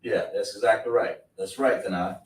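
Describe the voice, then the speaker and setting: A man's voice: on the low side, fairly even intonation, moderate pace. A man teaching a class at a board, repeating words and quizzing his students with questions. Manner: repetitive, question-and-answer teaching style. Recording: echoey room, voice from a distance.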